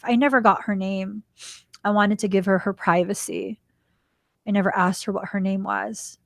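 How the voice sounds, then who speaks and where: In studio-quality audio with no echo, a podcast host with a mid-range voice shares an emotional personal story on her spiritual show. She brings it to life by acting out what people said.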